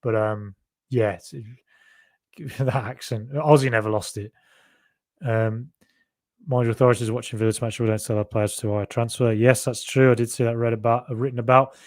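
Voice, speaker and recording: A young podcast host from Solihull, near Birmingham, speaks in a mid-range, darkish voice with a faded Birmingham accent. His intonation stays fairly even and his pace is normal. He rambles chattily while reading out viewer comments, often correcting himself.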